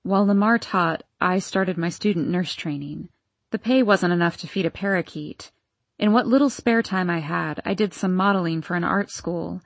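A woman reading the lines of a bitter, scheming nurse in an audiobook, with a sharp, resentful manner. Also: lowish voice, moderate pace, no echo.

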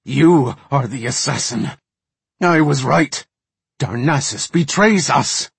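A man's voice: low-pitched, very animated, a little slow, slightly rough, dry recording, exaggerated voice. A man voicing an arrogant, hot-tempered male elf mage who sneers and snarls. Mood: arrogant anger.

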